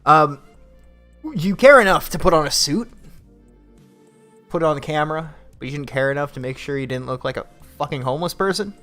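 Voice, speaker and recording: A man's voice: a little high, brisk, pauses often, fairly bright tone, faint music behind. Sarcastic man hosting a late-night stream. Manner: sarcastic, profane, mocking. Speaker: stream host. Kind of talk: late-night livestream commentary.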